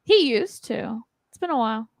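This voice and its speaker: A woman in the studio answering questions casually, relaxed and brief. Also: on the high side, moderate pace, no echo.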